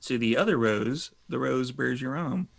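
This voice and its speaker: A man with a gravelly, rough-edged voice hosts a tabletop game as game master. He chats in a loose, relaxed way and swears casually between announcements. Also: mid-range voice, normal speed. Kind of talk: casual live-stream chat.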